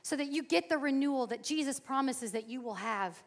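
A woman's voice: high voice, a little fast. Impassioned woman preaching at a conference. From Florida. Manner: impassioned, storytelling with sudden loud emphasis. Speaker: conference speaker. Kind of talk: sermon. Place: conference hall.

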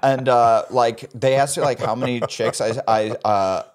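A man's voice: medium pitch, a little slow. A man in his thirties, a podcast co-host telling a comic story in casual chat and acting out the voices of the people in it. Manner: animated, acts out quoted voices.

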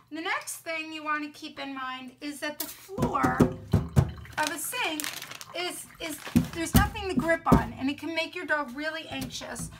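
A middle-aged woman with a high voice, a dog trainer, calmly and soothingly shows how to clean a dog at an indoor sink.

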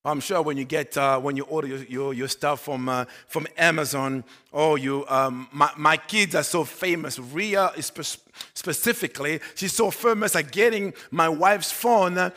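A male pastor preaching a sermon, swinging between loud emphatic bursts and quiet low asides. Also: moderate pace. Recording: long hall reverb.

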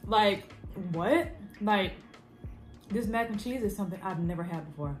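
A woman vlogging as she tastes her own cooking, animated and quick to laugh, with casual swearing and a Black way of talking. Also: medium pitch, over music. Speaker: food vlogger. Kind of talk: casual cooking vlog chat.

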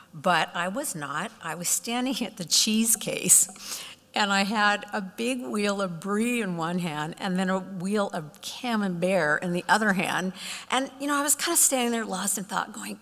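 A middle-aged woman giving a storytelling keynote speech, acting out the voices of people in her stories. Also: mid-range voice. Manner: animated, acts out quoted voices. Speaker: keynote speaker. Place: conference hall. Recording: long hall reverb.

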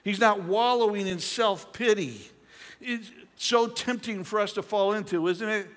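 High-voiced older pastor in a reverberant hall. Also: male voice, unhurried, a bit bright. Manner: conversational, reads scripture then retells it with playful asides. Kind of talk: sermon. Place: church sanctuary. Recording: long church hall reverb.

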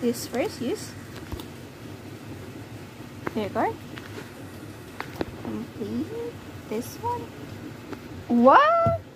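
Slow-talking high-voiced woman gamer. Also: big pitch swings. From Philippines. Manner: chatty, easily flustered. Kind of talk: casual gameplay commentary. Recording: faint background noise.

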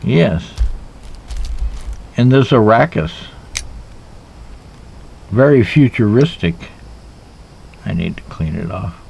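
A man's voice: on the low side, animated, slow, gravelly, long pauses, a little mellow, husky, poor audio. A man casually reviewing knives in a rambling, joking way, talking to himself as he handles them outdoors. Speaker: knife reviewer. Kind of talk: casual knife review vlog. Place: outdoors in a backyard.

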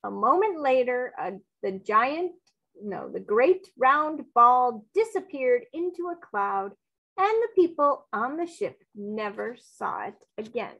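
A woman reading a storybook aloud, giving the dialogue expressive voices. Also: a little high, slow pace, creaky, lo-fi sound.

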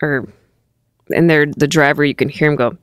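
A woman's voice: deep voice, normal speed, no echo, studio quality. A woman in her thirties, a comedian guest chatting casually in a self-deprecating way. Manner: giggly, self-deprecating, lively. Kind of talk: casual chat.

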